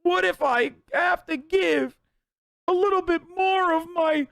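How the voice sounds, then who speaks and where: A man mockingly voicing a self-pitying male boss near tears, whining slowly. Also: very high voice, gravelly, fairly bright tone, no echo, pitched above the performer's own voice, full character voice. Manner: whiny, slow, near tears.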